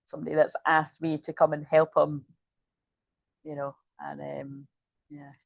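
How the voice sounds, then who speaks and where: A middle-aged woman with a fairly low voice, talking through a tarot reading in a loose, rambling way. She giggles and swears, keeps wandering off on asides, and sounds tired. The audio is dull, lo-fi and dry. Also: completely flat delivery, unhurried, gravelly, dry recording. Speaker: tarot reader. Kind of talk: casual tarot reading chat.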